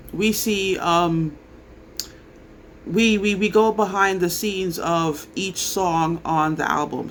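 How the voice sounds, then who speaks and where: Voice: medium pitch, a bit bright, a little hiss or hum. A person giving a casual spoken commentary, talking hesitantly with many filler ums and restarts. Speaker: entertainment commentator.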